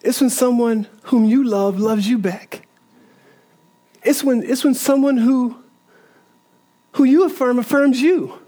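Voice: mid-range voice, slow pace, long pauses, warm tone. A pastor preaching a sermon earnestly, repeating phrases and building in bursts.

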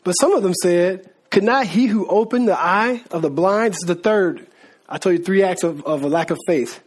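Man, preacher, high voice, informal slangy Bible teaching, acts out story voices. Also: normal speed, breathy edge. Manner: informal, slangy, addresses listeners as guys; acts out voices of biblical figures.

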